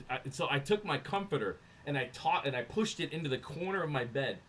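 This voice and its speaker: A man co-hosting a podcast, telling a long story in casual chat, profane and animated, acting out other people's lines. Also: mid-range voice, quick pace, a little hiss or hum. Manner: profane, animated, acts out voices in anecdotes. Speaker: podcast co-host.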